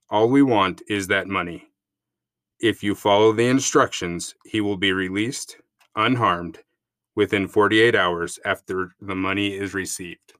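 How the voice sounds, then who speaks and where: Guy doing a creepy kidnapper voice, super deep, slow and cold, dry sound. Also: fairly bright tone, no echo. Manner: slow, cold, deliberate reading. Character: menacing male kidnapper reading his demands. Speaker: guest voice reading a ransom letter. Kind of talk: dramatic letter reading.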